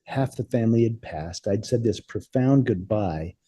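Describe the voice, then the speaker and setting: A man with a very dark, mellow voice that has a husky edge, heard in a dry room with no echo. He tells a personal story as an interview guest. His delivery is halting and earnest, with frequent repeated words. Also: lowish voice, expressive.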